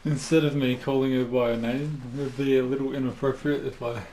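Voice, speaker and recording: A man's voice: medium pitch, flat delivery, a little fast, dark tone, slight background noise. A young man casually telling a rambling story over game voice chat, laughing as he goes. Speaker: gamer in party chat. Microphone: headset over voice chat.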